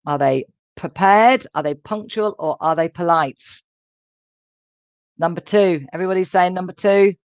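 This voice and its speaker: Woman, online English teacher; clear, repetitive drilling delivery; dry, slightly muffled webcast sound. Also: lowish voice, normal speed, a little mellow, no echo. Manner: clear teacherly, repeats and drills phrases for learners. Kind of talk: live online language class. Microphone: computer microphone in a live online lesson. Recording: dull, dry lo-fi stream audio.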